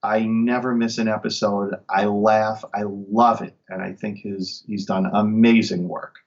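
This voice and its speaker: Appearing as a guest in a casual interview, a Long Island, New York magician chats enthusiastically as an upbeat storyteller. His fairly low voice has a level tone and a slightly slow pace, and the sound is lo-fi.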